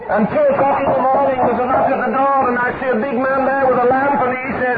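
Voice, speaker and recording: Preacher telling a story on an old tape. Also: male voice, high-pitched, steady tone, fast, hardly any pauses, a loud crowd. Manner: anecdotal, acts out quoted voices. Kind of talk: sermon storytelling. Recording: tinny lo-fi archive recording with loud hiss.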